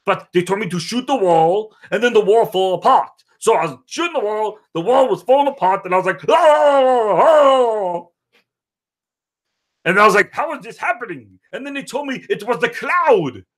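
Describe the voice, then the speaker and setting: A man's voice: high voice, animated, a little fast, few pauses. A man doing a crude, rambling action star. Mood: amazed rambling. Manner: rambling, crude, bursts into shouting and sing-song. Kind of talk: comedic parody interview.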